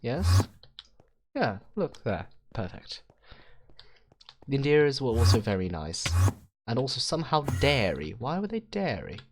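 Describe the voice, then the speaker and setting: Gaming host, male, rambling self-mocking commentary, lively swooping pitch, faint keyboard clicks behind. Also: a little slow, long pauses, background noise. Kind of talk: casual game commentary.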